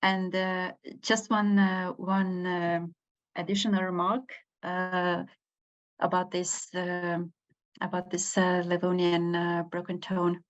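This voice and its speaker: A woman giving a university lecture, hesitant, with many pauses and fillers. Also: fairly low pitch, little pitch movement. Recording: dull lo-fi recording.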